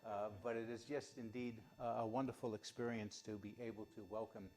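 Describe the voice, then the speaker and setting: A man, a bishop, giving hesitant welcoming remarks at a press conference, with frequent restarts and pauses. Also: on the low side, flat delivery, darkish tone.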